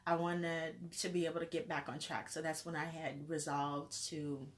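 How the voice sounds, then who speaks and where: A woman's voice: deep voice, little pitch movement, normal speed. A woman life coach giving an earnest, faith-filled motivational talk to camera, repeating phrases in rolling lists. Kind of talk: motivational vlog.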